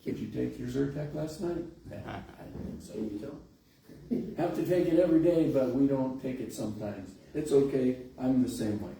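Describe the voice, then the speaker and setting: Recorded from a distance in an echoey church hall with faint hiss, a middle-aged pastor spins a folksy story during his sermon. His voice is medium-pitched and gravelly, moving at a moderate pace.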